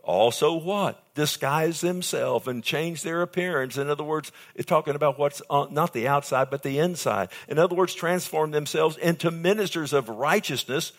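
A male pastor delivers a sermon in an emphatic preaching style. His voice swings from hushed, drawn-out words to loud, pressing lines. He keeps checking in with the congregation with quick questions. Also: fairly high pitch. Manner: asks the audience questions.

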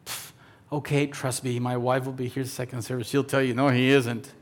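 A man in his thirties preaching a sermon as pastor, telling stories and acting out the voices in them, sometimes dropping to a soft near-whisper. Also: medium pitch, little pitch movement, moderate pace. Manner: storytelling, acts out voices in quotes, drops to soft near-whisper.

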